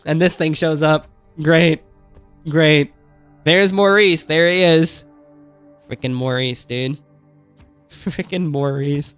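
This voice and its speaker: Bright, exasperated young gaming streamer. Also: male voice, a little high, fairly even intonation, slow pace, clean tone, no room sound, faint music behind. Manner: exasperated ranting, repeats phrases, says dude. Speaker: gaming channel host. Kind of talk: let's play commentary.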